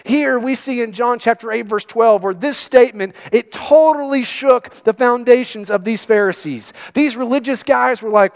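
A man preaching a sermon as pastor, emphatic and sometimes dropping to a hush. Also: extremely high pitch, moderate pace, hardly any pauses. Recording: long hall reverb.

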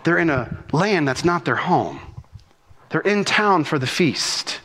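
A man, a senior pastor preaching a sermon with rhythm and animated cadence. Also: a little high, breathy edge. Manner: rhythmic, animated preaching with talk of speaking fast.

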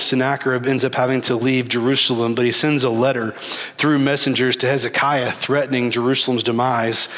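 A man preaching a sermon, with a dramatic delivery that rises and falls and slows down for emphasis. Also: mid-range voice, fairly bright tone. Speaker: pastor. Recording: long hall reverb.

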